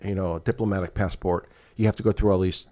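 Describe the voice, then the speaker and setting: Retired man telling a lively story. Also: sits low, fast talker. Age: older. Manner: animated, acts out dialogue in storytelling. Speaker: podcast co-host. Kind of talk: casual storytelling chat.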